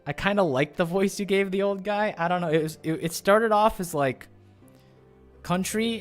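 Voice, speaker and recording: A young man streaming a game and chatting casually, rambling and self-deprecating. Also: mid-range voice. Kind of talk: casual live-stream chat.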